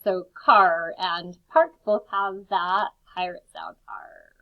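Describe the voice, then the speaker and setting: A woman teacher giving a phonics lesson to young children from home, sounding out each word slowly and clearly. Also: fairly low pitch, very animated, highs cut off.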